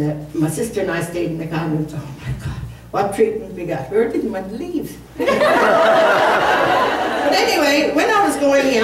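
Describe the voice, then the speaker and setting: A woman's voice: mid-range voice, darkish tone. A woman in her seventies telling a rambling, humorous story to a live audience at a community concert, laughing at herself as she goes. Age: 70s. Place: community hall. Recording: echoey hall, distant mic, faint room noise.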